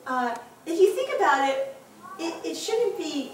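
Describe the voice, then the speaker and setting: Woman teacher, high voice, heard from afar in an echoey classroom, laughing and encouraging. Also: very animated, a little slow. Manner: chatty, laughs often, encouraging. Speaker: Hebrew teacher. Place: synagogue classroom. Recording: echoey room, distant mic, background noise.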